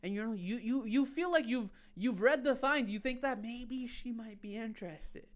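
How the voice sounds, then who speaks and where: A woman's voice: on the high side, normal speed. A woman comedian hosting a casual podcast, spinning playful hypothetical bits. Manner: playful storyteller, building bits.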